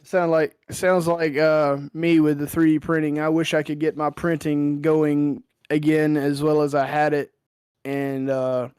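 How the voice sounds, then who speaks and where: A man's voice: a little high, level tone, unhurried, darkish tone, smooth, no echo. A man talking as a guest on a casual podcast, laid-back and hesitant with fillers.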